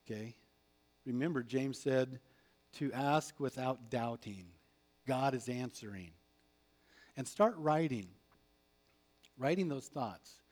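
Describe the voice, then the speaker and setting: A man preaching a sermon as a pastor, animated, acting out prayers and replies. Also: medium pitch, slow, pauses often.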